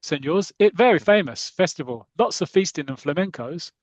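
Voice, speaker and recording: A man's voice: a little high, expressive, normal speed, no echo, dull audio. A man voicing a cheerful, pushy coach driver in broken English, as part of comic storytelling. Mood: salesy. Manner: broken English, salesman's patter.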